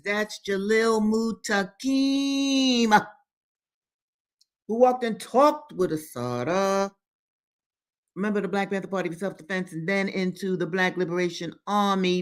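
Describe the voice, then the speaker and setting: A woman reads a book aloud at an unhurried, deliberate pace, then turns to her listeners in a preacher-like address. She drives her points home by repeating phrases, and her voice sits at a middling pitch. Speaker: host reading books aloud. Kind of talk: book reading with impassioned commentary.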